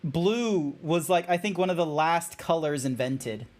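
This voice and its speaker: A young Australian man streaming a game, rambling excitably through trivia and laughing at his own jokes. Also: a little high, a little slow. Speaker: VTuber streamer. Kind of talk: casual game stream chat.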